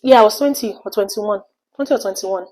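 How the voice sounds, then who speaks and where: A young adult woman from Nigeria, telling an animated storytime vlog and slipping in pidgin phrases. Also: medium pitch, fast talker, low-quality recording. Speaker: vlogger.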